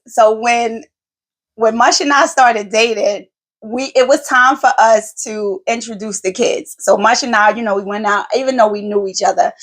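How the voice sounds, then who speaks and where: A woman in her forties hosting a podcast, telling family stories in an animated, emphatic, colloquial way. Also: mid-range voice. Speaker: podcast host, mother. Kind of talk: casual conversational storytelling.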